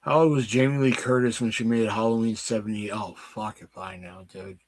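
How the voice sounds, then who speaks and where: A man's voice: fairly low pitch, steady tone, fairly quick, darkish tone. A man hosting a casual trivia night stream, joking and swearing freely with friends. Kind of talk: casual chat over a trivia game.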